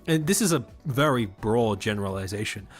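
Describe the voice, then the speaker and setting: A young man from Australia with a polished Australian accent, chatting casually on a livestream. He rambles, laughs often, repeats words as he starts sentences, and enunciates crisply. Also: lowish voice, lively intonation, fairly quick, faint music behind. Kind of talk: casual livestream chat, reading chat.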